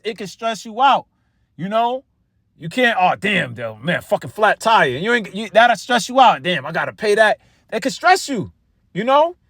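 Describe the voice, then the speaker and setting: A man's voice: high-pitched, a bit bright, no echo, clean studio sound. A man preaching in a loose, conversational way, full of cursing and repeated words. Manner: profane, repetitive, conversational. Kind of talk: street-style Bible teaching.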